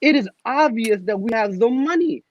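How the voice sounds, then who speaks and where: A man's voice: very high-pitched, animated, normal speed, dry recording. Ranting man on a dull lo-fi line. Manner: exasperated, ranting. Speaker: guest panelist. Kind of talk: passionate fan rant.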